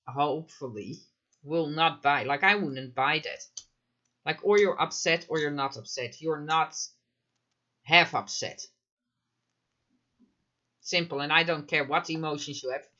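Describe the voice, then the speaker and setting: A man's voice: a little high, bright, forceful tone, lo-fi sound. A man commenting live in a casual chat, emphatic, firing off rhetorical questions and frequent fillers. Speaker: mental health commentator.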